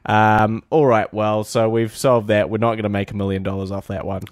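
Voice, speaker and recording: A man's voice: on the low side, flat delivery, a little fast, dry recording, clean studio sound. A man co-hosting a podcast in casual chat, teasing and laughing. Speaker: podcast co-host.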